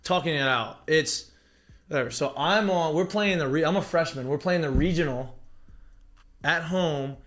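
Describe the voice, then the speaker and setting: A man's voice: a little high, moderate pace, roomy sound. A young man telling baseball stories in casual chat, swearing freely and acting out what others said. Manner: animated, swears freely, acts out quotes. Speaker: former college baseball player, podcast guest.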